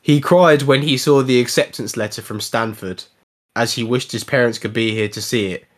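A man's voice: mid-range voice, moderate pace. A man co-hosting a casual podcast, reading short horror stories aloud and laughing often as he reads. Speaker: podcast co-host.

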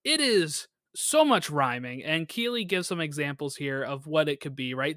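Bright, upbeat man recapping a show. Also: a little high, expressive, moderate pace, hardly any pauses, no echo, clean studio sound. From United States. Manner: rambling, laughs often, many fillers. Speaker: podcast co-host. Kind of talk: casual episode recap chat.

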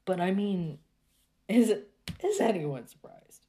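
A woman talking casually to her viewers in a rambling, exasperated rant full of halting restarts. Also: mid-range voice, expressive, warm tone.

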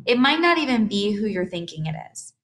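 A woman's voice: medium pitch, sing-song, fairly quick, fairly bright tone, pitched above the performer's own voice. A woman voicing a firm, earnest mother scolding her sons in a storybook reading. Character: firm, caring mother of two boys.

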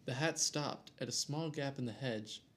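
A man's voice: medium pitch, normal speed, a little hiss or hum. Casual man reading a scary story. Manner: reads aloud with jokey asides and stumbles over names.

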